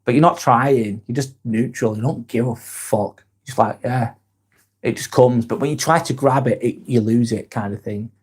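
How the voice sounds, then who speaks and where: A man's voice: mid-range voice, normal speed, husky. A man hosting a live vlog, chatting casually and reading out viewer comments, frank and blunt with plenty of swearing.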